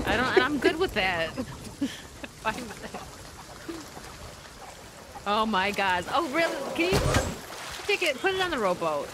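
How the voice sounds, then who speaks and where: Lively woman gamer, laughing chatter. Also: a little high, unhurried, pauses often. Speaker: co-player on stream. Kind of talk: casual gaming chat. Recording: game rain and sea noise behind.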